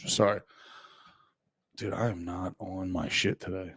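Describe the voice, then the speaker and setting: A man's voice: sits low, steady tone, unhurried, a bit bright, breathy edge. A young man talking casually as a podcast host, rambling and swearing, often cutting himself off and laughing. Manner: profane, rambling, self-interrupting, laughs often.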